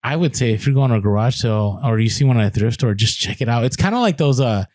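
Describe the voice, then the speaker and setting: A man's voice: medium pitch, expressive, quick pace, a little mellow, dry recording, clean studio sound. A man co-hosting a casual reselling podcast, chatty and full of fillers and restarts. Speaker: podcast co-host.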